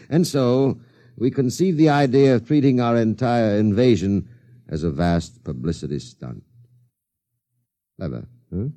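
An actor playing a scheming Martian invader who mocks his captive in a smooth, unhurried way, in an old radio drama. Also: on the low side, dark tone. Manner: smooth, mocking, unhurried menace. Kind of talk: 1950s radio drama acting.

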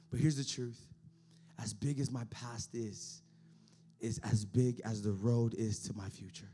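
A man preaching a sermon as pastor, moving between shouted emphasis and quiet, low passages, often repeating and restarting words. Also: steady tone, a little slow.

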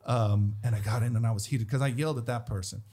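Male guest, husky, animated storyteller, mid pitch. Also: fast talker. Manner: animated, acts out the people in his stories. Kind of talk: casual storytelling.

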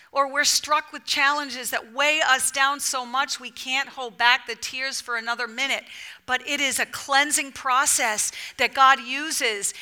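A woman preaching a sermon to a women's gathering, animated, swinging between loud emphatic bursts and soft near-whispered lines. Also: high-pitched.

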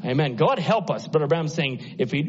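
A man preaching a sermon, moving between urgent, raised exhortation and soft, hushed near-whispers. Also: a little high, expressive, a little fast. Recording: muffled lo-fi sound.

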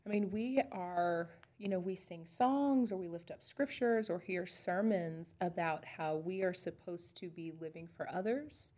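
A woman's voice: lowish voice, unhurried, few pauses, dark tone. A woman pastor co-hosting a podcast, talking through ideas in a thoughtful, searching way and often restarting her sentences. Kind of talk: casual faith chat.

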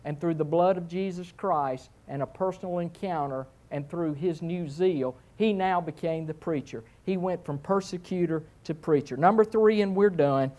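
A man preaching a sermon, telling a funny personal story with animated swings in pitch and some self-mocking humor. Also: normal speed, hardly any pauses. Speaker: pastor.

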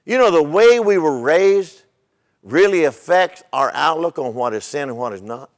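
High-voiced older man preaching a sermon. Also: expressive, moderate pace, big-room sound. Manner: conversational, repeats words, tells humorous stories. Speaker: pastor.

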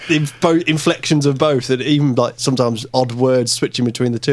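A man's voice: medium pitch, level tone, a little fast, slight background noise. Chatty, swearing male podcast host. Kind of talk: casual podcast chat.

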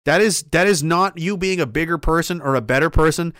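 A man with a high-pitched voice rants in a heated, profane and emphatic way. He rambles through restarts and asides as he builds his argument. His voice sounds dry and close, with no room echo. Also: fairly quick, a bit bright. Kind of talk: profane opinion rant.

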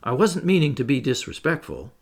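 A cocky young boy leader, put on by a male storybook reader, brisk and boastful, giving orders with relish. His voice bounces up and down lively and carries a slight gravelly edge. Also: medium pitch.

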